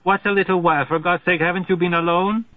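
A man's voice: sits high, steady tone, fast talker, no echo, pitched above the performer's own voice, lightly acted. A man voicing a frightened, fragile woman. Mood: distraught. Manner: pleading and distraught. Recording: tinny phone-like sound, dry.

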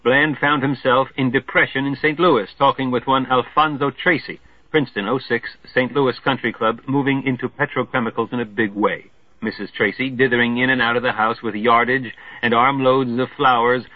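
A man reading a literary novel aloud in a wry, measured way with theatrical emphasis. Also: mid-range voice, no room sound. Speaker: audiobook narrator. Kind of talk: literary narration. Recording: tinny dry lo-fi phone-like sound.

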